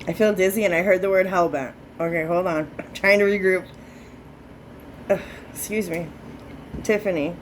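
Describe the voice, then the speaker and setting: Lowish-voiced woman giving a chatty psychic reading. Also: a little hiss or hum, low-quality recording. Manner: chatty, full of fillers, swears freely. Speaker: psychic medium. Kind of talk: spirit reading session.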